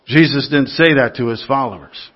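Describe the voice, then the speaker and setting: A man's voice: mid-range voice, moderate pace, dull audio. A man preaching a sermon to his congregation, telling everyday stories in an earnest, conversational way. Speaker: lay preacher.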